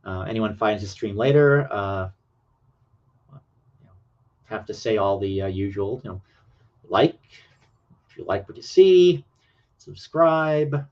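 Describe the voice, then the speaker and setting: A man's voice: on the low side, animated, takes it slowly, pauses often, darkish tone, highs cut off. Rambling man hosting a late-night stream. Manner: rambling, hesitant, many fillers. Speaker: livestream host. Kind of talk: casual livestream chat.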